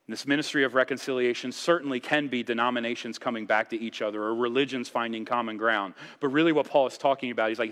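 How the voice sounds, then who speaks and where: A man's voice: mid-range voice, fairly bright tone. Man preaching in an echoing sanctuary. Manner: impassioned preaching, rising and dropping for emphasis. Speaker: pastor. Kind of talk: sermon. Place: church sanctuary.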